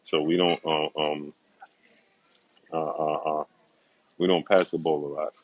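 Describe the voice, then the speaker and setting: A middle-aged man hosts a sports livestream in a bass voice, greeting viewers by name and making confident, emphatic predictions, repeating himself for stress. His delivery is flat and a little slow, and the audio quality is poor.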